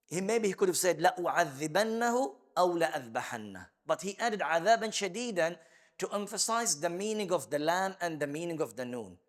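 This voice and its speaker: Guy teaching tafsir at the masjid, higher voice, kinda repeats himself while explaining. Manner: explanatory, recites Arabic verses swiftly; repeats words while searching for phrasing. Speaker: Quran teacher. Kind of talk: tafsir lesson. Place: mosque.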